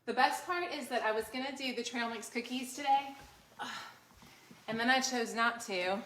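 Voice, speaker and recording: A woman talks her viewers through a recipe in her home kitchen, chatty and quick to poke fun at herself. Her voice is bright and clear. A faint hiss sits under the recording. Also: on the high side. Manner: chatty, self-deprecating, talks straight to viewers. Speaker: cooking vlogger. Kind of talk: casual cooking demonstration.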